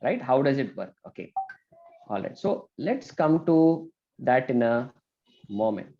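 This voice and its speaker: Man, math teacher, online class, brisk, checks in often, muffled lo-fi audio. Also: mid-range voice, big pitch swings. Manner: brisk, checks in with frequent "okay?". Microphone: video call.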